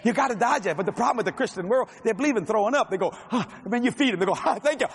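A man's voice: sits high, expressive, rapid-fire, very noisy. A man with a Cajun accent preaching a folksy, joking sermon in a large hall. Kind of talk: sermon with humor and jokes.

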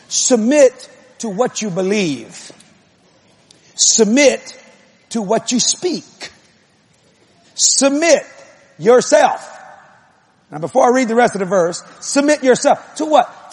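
A man preaching a sermon, moving between conversational asides to the congregation and loud, emphatic repeated lines. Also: high voice, slightly rough.

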